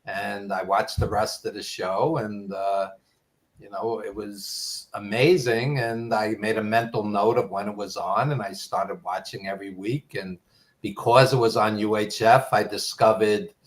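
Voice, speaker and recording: Older man, brooklyn accent, lowish voice, rambling nostalgic storytelling, podcast guest. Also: steady tone, measured pace. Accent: Brooklyn New York. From New York. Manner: nostalgic, rambling with many ums and et ceteras. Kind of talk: casual storytelling.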